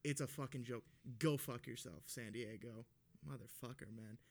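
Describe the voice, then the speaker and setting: A man co-hosting a casual podcast, ranting and swearing as he tells a story. He sounds heated and worked up, with an ordinary middle-pitched voice. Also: normal speed, vocal fry, a little mellow. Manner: profane, ranting storyteller with laughs. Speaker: podcast co-host.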